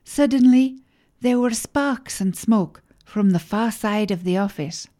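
Storyteller, female. Slow, mellow reading of a children's story, gentle and clear. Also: mid-range voice.

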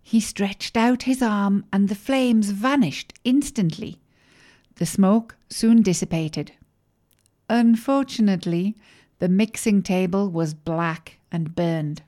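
A woman narrating a children's story in a gentle, clear and deliberate way. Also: mid-range voice.

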